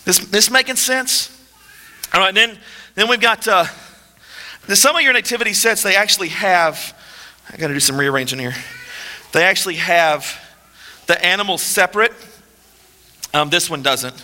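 A man's voice: high voice, normal speed, long pauses, bright, forceful tone. A man, preaching a sermon in a casual, joking way and asking the audience rhetorical questions. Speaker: pastor. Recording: long hall reverb.

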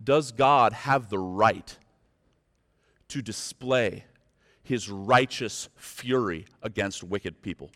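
Male pastor preaching in a reverberant hall. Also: on the low side. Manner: swings from quiet and slow to loud and fervent; direct, pleading with listeners. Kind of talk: sermon. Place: church sanctuary.

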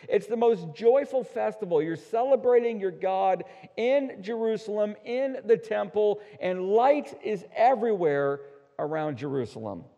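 High-voiced preacher guy, mellow tone, dull recording w/ big hall reverb, gets quiet then loud. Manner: emphatic, swings between hushed and loud, slows for weight. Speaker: pastor. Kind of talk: sermon.

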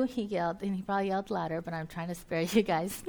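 A woman's voice: on the low side, fairly even intonation, fast talker, a little mellow. A woman with a Southern US accent preaching a sermon in a conversational way, with joking asides and voiced reactions from her listeners.

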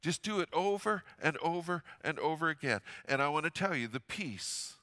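A middle-aged man delivers a sermon with a bright, ringing voice. He tells stories in an earnest way, pushing hard on key words and then dropping almost to a murmur. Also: a little high, animated, moderate pace. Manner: earnest storytelling, swings from loud emphasis to hushed quiet. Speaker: pastor.

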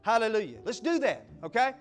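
Male pastor, high lively voice, fiery sermon delivery, faint music underneath. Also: brisk. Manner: fiery, exuberant preaching with whoops and acted-out little scenes.

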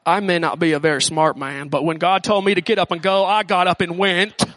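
A man doing a quick impression of a simple, earnest film character during a sermon, in a lower voice than his own. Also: steady tone, fairly bright tone, no room sound.

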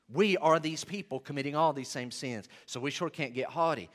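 Bright, forceful male pastor preaching. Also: fairly high pitch. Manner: emphatic, varies loudness and slows for stress. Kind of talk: sermon.

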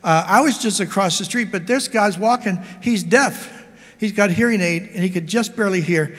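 Older man, preacher, impassioned sermon, high voice, reverberant church hall. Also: moderate pace, a bit bright. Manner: impassioned, exhorting and repetitive.

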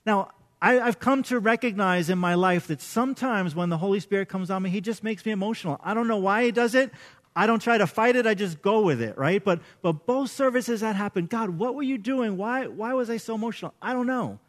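A middle-aged male pastor preaching to his congregation, animated and interactive, quizzing the audience. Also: sits high, a little fast. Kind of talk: sermon. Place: church service.

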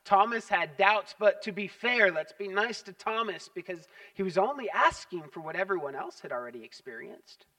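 High, bright-voiced man preaching. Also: moderate pace, hardly any pauses, distant mic. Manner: animated storytelling, emphatic repetition. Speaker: pastor. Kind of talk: sermon.

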